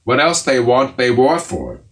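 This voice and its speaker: A man hosting a bedtime reading show, declaiming old verse aloud in a loud, theatrical way. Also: medium pitch, very animated, unhurried. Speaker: host of nightly bedtime readings.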